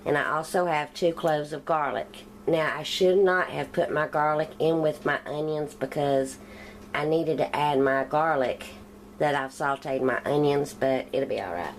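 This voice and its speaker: Woman with a country accent, cooking host, lowish voice, casual step-by-step chat, faint kitchen noise behind. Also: a little slow, rough recording. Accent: Southern US country. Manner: chatty, step-by-step explaining while cooking.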